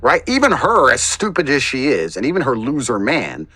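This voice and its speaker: A man's voice: medium pitch, wildly swooping pitch, moderate pace, bright, forceful tone, breathy edge, no echo. A man as a podcast guest telling stories in casual chat, blunt and emphatic, with occasional swearing.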